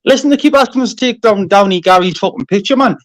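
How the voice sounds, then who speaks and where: A man's voice: sits high, quick pace, dry recording, rough recording. A man bantering crudely and swearing freely in casual live-stream chat.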